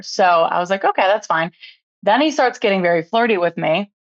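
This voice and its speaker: A woman's voice: medium pitch, animated, a little fast, no echo, dull audio. A woman calling in to an advice show, telling her story in a chatty way with lots of quoted dialogue. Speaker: caller. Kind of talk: casual storytelling.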